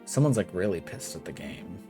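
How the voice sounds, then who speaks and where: A man's voice: low voice, big pitch swings, fairly quick, music in the background. A man streaming a game live, chatting casually and sarcastically, swearing freely and reading game dialogue aloud.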